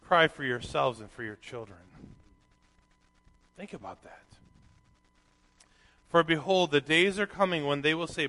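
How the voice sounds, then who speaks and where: Preaching man in a reverberant hall. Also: fairly high pitch. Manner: animated preaching, reads scripture aloud, swings from soft to loud. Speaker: pastor. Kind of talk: sermon.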